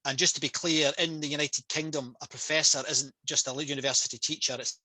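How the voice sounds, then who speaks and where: A Scottish man talks with lively passion over a video call headset, his voice bright and a little high for a man. The sound is dry and close, with no room around it. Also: fairly quick, no room sound, poor audio. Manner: passionate, energetic storytelling. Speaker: public speaker and trainer. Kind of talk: casual talk on a video call.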